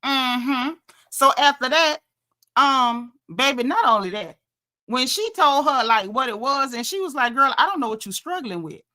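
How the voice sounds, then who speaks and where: A woman casually recapping a reality show episode, gossipy and animated. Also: sits high, moderate pace. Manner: animated, gossipy, quotes people in lively asides.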